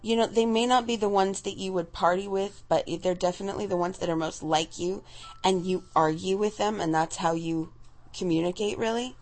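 A woman's voice: medium pitch, steady tone, brisk, darkish tone, rough recording. A woman in her thirties giving casual live commentary as a director, chatty and rambling, often laughing and losing her train of thought. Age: 30s.

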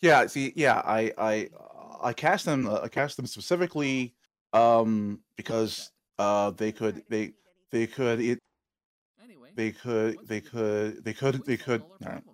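A man who produces and directs an audio drama, chatting casually in commentary, animated and laughing easily, often stumbling over and repeating his words. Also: on the low side, measured pace, no echo.

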